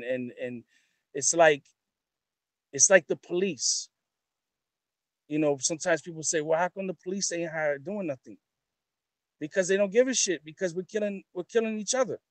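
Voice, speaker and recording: A man with a fairly high voice speaks in impassioned commentary, piling up repeated phrases and rhetorical questions. The recording is dry and close, with no room sound. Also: moderate pace, pauses often, dry recording. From New York. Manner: emphatic, repetitive, building rhetorical questions. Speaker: guest. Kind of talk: impassioned talk-show commentary.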